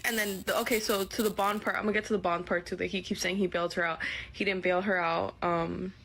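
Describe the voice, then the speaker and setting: A woman's voice: medium pitch, level tone, fast talker, a bit bright. A woman casually recounting events, rambling and filling her talk with "like" and "whatever". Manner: rambling, heavy use of "like" and "whatever". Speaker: witness recounting events in a clip. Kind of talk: casual storytelling.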